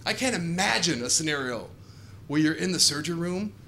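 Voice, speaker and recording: A man in his forties doing an animated stand-up comedy set on a club stage, telling stories and jumping into shouted asides, with audience laughter in the recording. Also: a little high, a little fast, slight background noise.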